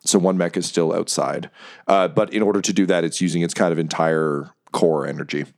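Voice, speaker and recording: A man's voice: deep voice, steady tone, fairly quick, gravelly, darkish tone. A man narrating as game master, casual and profane, with plenty of filler. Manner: loose, profane, laughing narration.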